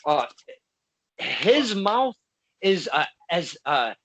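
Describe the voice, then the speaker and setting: Excitable stammering man on a video call. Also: sits high, extremely slow. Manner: stammering, excitable, repeats words. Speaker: interviewer, podcast host. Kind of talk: casual video-call interview.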